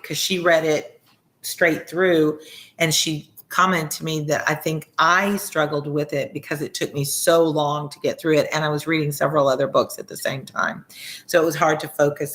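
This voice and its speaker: Low-voiced Southern woman chatting with viewers. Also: fairly bright tone. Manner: chatty, rambling, sincere, answers viewer comments. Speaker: reading channel host, former teacher. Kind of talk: casual livestream chat with viewers.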